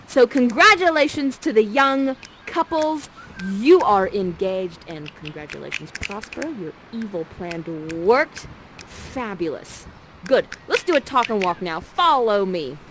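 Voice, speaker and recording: A woman's voice: medium pitch, lively intonation, measured pace, a bit bright, a little hiss or hum, low-quality recording. A woman playfully narrating and directing players through a live play, coaxing and jokey, on a headset mic. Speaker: immersive theater performer guiding players.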